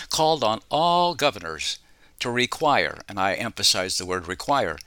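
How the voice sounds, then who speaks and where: A man's voice: fairly low pitch, pushed and bright, dry recording. A man delivering scripted political commentary with sarcastic, mocking asides.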